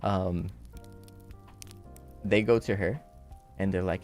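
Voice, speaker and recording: A man streamer telling a story in casual chat and acting out the quotes with animated delivery. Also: low-pitched, slow, pauses often, faint music behind.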